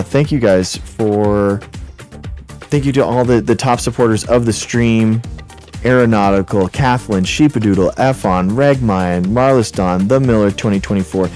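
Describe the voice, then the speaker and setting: A man's voice: lowish voice, a little mellow. A man hosting a livestream, casually rambling through thanks and apologies as he signs off. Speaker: host.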